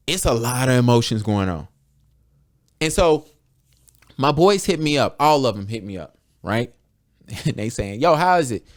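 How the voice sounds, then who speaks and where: A young adult American man hosting a podcast, talking candidly and bluntly with lots of swearing, acting out conversations in quotes. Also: mid-range voice. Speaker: podcast host. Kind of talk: candid casual podcast talk.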